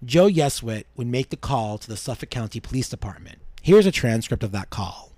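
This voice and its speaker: A male podcast host telling a true-crime story in a measured way, dropping low for grim details. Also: big pitch swings, mellow, no room sound.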